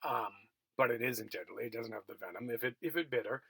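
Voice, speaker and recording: A middle-aged man gives a remote college lecture, rambling through an anecdote with self-mocking asides and frequent restarts. His voice sits at an ordinary male pitch, recorded dry and close with no room sound. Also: fast talker, vocal fry, bright, forceful tone, slightly rough, no room sound. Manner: chatty, self-mocking, many fillers and restarts. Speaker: college geography instructor. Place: at home, recorded for remote teaching.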